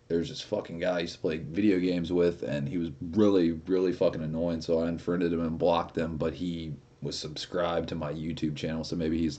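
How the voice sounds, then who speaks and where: Young male streamer, low dark voice, profane and rambling casual chat. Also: dull audio. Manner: rambling, profane, laughs often.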